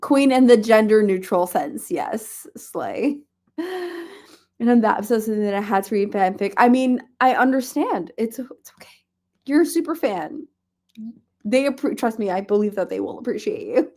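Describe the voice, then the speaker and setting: A woman hosting a relaxed reading livestream, chatting casually with viewers, laughing often and talking softly to her cat. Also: mid-range voice, moderate pace. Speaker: livestream host. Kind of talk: casual chat.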